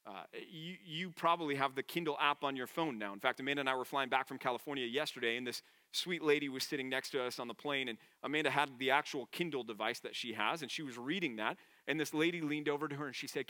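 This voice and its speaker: A man's voice: mid-range voice, sharp tone, no echo, studio quality. A man preaching a sermon in an earnest, conversational way. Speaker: pastor.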